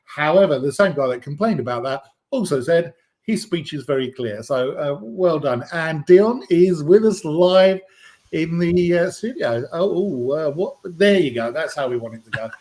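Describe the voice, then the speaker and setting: A man's voice: fairly high pitch, lively intonation, moderate pace, a little mellow. A man with a British accent hosting a live stream, chatting casually and rambling, with plenty of ums and uhs. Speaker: livestream host.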